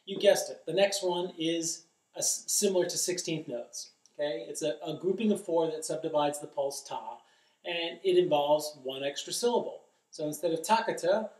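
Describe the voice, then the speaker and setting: A man's voice: fairly high pitch, moderate pace, darkish tone. A middle-aged man giving a drum lesson, explaining carefully and chanting rhythm syllables aloud. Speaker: drum instructor. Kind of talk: instructional demonstration. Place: drum studio, indoors. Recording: echoey room, distant mic.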